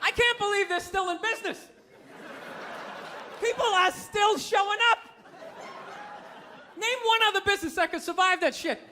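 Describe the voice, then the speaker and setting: A man's voice: very high-pitched, pushed and bright, slight background noise. A man doing a stand-up comedy routine on stage, ranting in an exasperated, profane way. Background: audience laughter.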